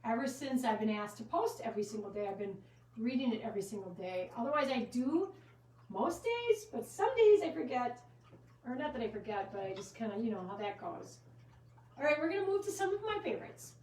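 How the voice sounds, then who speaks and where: Showing off products on a live stream from her little gift shop with a trickling fountain, a woman chatters, giggles and drifts into side topics. Her slightly high, darkish voice swings widely in pitch and moves a little fast, echoing around the room, a bit far from the mic, over faint noise.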